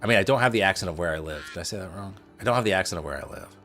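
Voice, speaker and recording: A man's voice: low-pitched, animated, very fast, fairly bright tone, soft background music. A man from Indianapolis with a neutral Midwestern accent, casually commenting on his trades and joking with his livestream chat. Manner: chatty, joking with chat, playful asides. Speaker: trading livestreamer.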